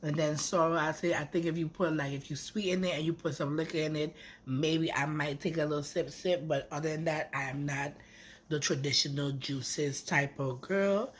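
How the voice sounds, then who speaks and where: A woman chatting casually to camera as a vlogger, rambling with lively asides. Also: low voice, normal speed, slight background noise.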